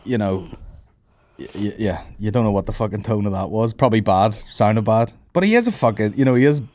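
A man's voice: fairly low pitch, expressive, dark tone, dry recording. Rambling man, dry sound. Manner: rambling, halting, full of restarts. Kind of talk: casual podcast chat.

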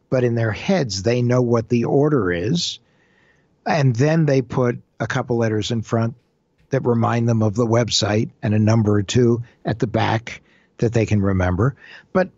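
A man's voice: mid-range voice, normal speed, no room sound, lo-fi sound. A man being interviewed as an identity-theft expert, telling stories and acting out the voices of scammers and their victims. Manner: animated storyteller, acts out scammer and victim quotes. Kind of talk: interview answers.

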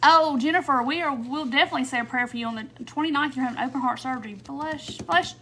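A woman's voice: high voice, very fast, a little hiss or hum. A woman hosting a craft livestream, chatting casually and greeting viewers by name with frequent "um"s. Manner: chatty, warm welcomes, frequent little laughs and "um"s.

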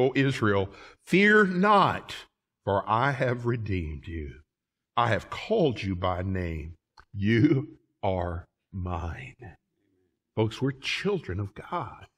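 A man preaching from the pulpit, climbing into fervent emphasis and then dropping back to folksy asides. His voice sits at an ordinary middle pitch. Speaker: pastor. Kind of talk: sermon. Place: church sanctuary.

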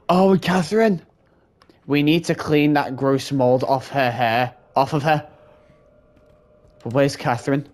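A man's voice: fairly high pitch, fairly even intonation, slow, pauses often. A man hosting a horror game playthrough, talking to his viewers in a jumpy, frightened way and swearing often. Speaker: gaming channel host. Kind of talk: let's-play commentary.

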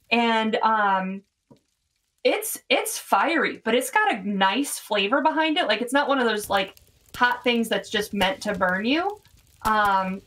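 A woman narrating a tabletop game as game master, unhurried and full of fillers. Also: on the high side, fairly bright tone, recorded from a distance, low-quality recording. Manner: unhurried, hesitant with many fillers.

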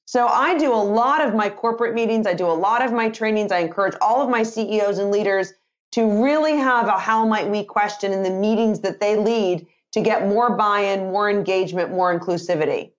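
A woman in her fifties, a communication author and sales trainer, talking energetically in a podcast interview and acting out phrases in lively voices. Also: medium pitch, brisk, dull audio.

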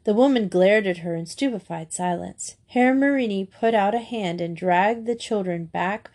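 Casting: woman, warm mellow storybook reader, steady pace. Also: mid-range voice, normal speed. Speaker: audiobook reader. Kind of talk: storybook narration.

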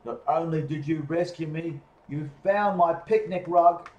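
A friendly, grateful owl from a picture book, as a man reading aloud voices it. The voice is slow and somewhat high. It sounds echoey. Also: a little mellow, recorded from a distance, muffled recording, natural voice.

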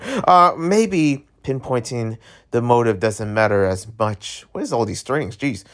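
A man reads a webtoon aloud at a casual pace. His voice sits in a middle pitch, and he jumps between the characters' lines and his own joking remarks without changing his voice much. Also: unhurried. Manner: reads all the dialogue himself and breaks in with jokey asides. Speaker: webtoon reader. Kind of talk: casual read-aloud with commentary.

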